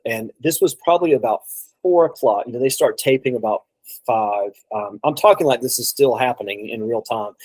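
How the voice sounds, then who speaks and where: A man's voice: medium pitch, a little mellow, no echo, poor audio. A man telling a long road story in a casual chat, rambling, with many restarts and quoted asides. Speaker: guest drummer.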